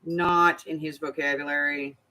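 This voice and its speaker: A woman's voice: deep voice, little pitch movement, normal speed, heavy background noise. An older woman hosting a craft channel, talking casually through each step of her project as she works. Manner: chatty, talks through each step aloud.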